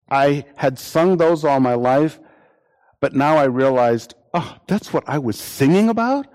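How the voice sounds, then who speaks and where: A man preaching a sermon, repeating phrases for emphasis and acting out imagined quotes in lively voices. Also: medium pitch.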